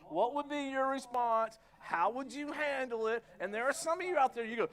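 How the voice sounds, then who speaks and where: A middle-aged pastor preaches in a church, his voice sitting high for a man. He tells stories with lively energy and acts out his own reactions. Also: moderate pace, few pauses. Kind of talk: sermon. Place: church sanctuary.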